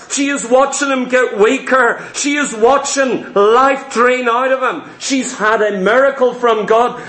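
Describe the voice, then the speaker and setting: A male preacher delivers an impassioned sermon full of rhetorical questions and repeated phrases. His voice is very high, and it echoes around a roomy church hall. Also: bright, forceful tone. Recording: echoey room.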